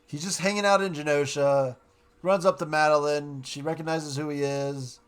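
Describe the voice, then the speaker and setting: Casting: man, slightly higher voice, loose rambling reviewer, gets excited retelling scenes. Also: moderate pace, clean tone. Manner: rambling, excited, quotes characters in passing. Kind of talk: casual recap and review.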